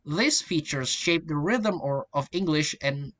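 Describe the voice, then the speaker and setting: A young man presents a pronunciation lesson as a student. He reads at an unhurried, deliberate pace in a bright, forward tone. He often restarts and repeats words as he goes. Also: a little high. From Indonesia. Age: young adult. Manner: halting, restarts and repeats words while reading.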